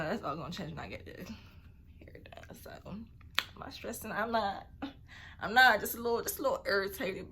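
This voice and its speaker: A woman's voice: lowish voice, a bit bright, slight background noise. A young woman vlogging to camera in a casual, slangy way, venting and joking with her viewers. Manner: chatty, venting, slangy with "bro" and "y'all". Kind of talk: casual vlog talk to camera.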